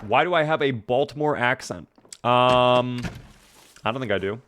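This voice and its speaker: A man's voice: mid-range voice, moderate pace, a bit bright, slight background noise. A man streaming a video game live, chatting casually and answering viewer messages as he plays.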